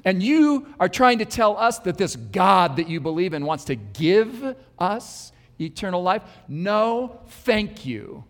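A man's voice: fairly high pitch, sing-song, slow pace. A man speaking as a bitter, despairing middle-aged woman who scornfully questions a preacher. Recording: long hall reverb.

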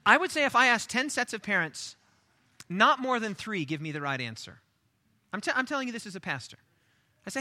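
Pitched high and sounding pushed and bright, a male pastor's sermon moves through big pitch swings. He leans on repeated key phrases to stress his points and falters into fast restarts when improvising.

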